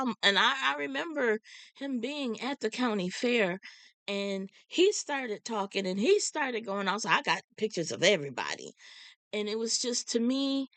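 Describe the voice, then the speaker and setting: A woman telling a story in a casual vlog, lively and preachy, quoting scripture and putting on other people's voices. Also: a little high, moderate pace, no room sound. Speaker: vlogger and sign language interpreter. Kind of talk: casual storytelling with faith talk.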